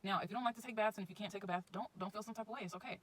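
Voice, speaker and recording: A woman's voice: medium pitch, very fast, a bit bright, poor audio. A woman giving casual spiritual advice in a chatty, informal vlog, often circling back to her points. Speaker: astrology vlogger.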